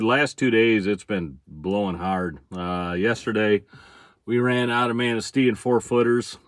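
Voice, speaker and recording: A man's voice: lowish voice, no echo, studio quality. A middle-aged man from central Michigan with a Michigan accent, chatting casually on a livestream about his fishing charters. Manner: relaxed, chatty, greets viewers by name, chuckles often.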